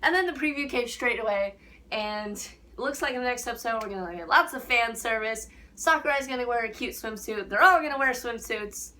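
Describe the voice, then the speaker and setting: A young woman casually reviewing an anime episode, excitable and gushing, with squeals and giggles. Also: a little high, a little fast, noisy background.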